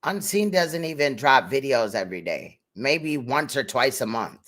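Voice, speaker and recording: Man, stream host, blunt and critical, bright tone, casual talk. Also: medium pitch, lively intonation, moderate pace. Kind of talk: casual livestream commentary.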